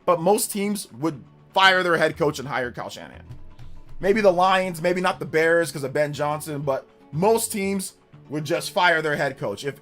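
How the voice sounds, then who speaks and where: A man's voice: sits high, pushed and bright. A male streamer talking casually on a live stream, arguing emphatically with his chat. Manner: emphatic, argumentative, talks back to chat.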